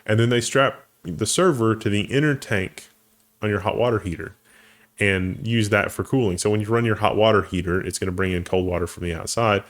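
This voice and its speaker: Talking fairly quickly in a fairly low voice, the man co-hosting this casual tech news show muses aloud. He often restarts phrases and is quick to laugh.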